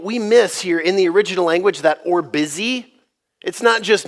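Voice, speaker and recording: A middle-aged man pastor preaching a sermon, telling the story with lively, sarcastic quoted lines and occasional laughs. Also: sits high, moderate pace.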